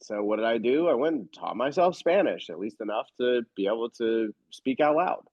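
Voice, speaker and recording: With a mid-range voice at normal speed, a man appears as a real estate investor guest, chatting informally with an interviewer. His storytelling is lively, pointed and blunt. The recording is dry and a little dull, with no room sound.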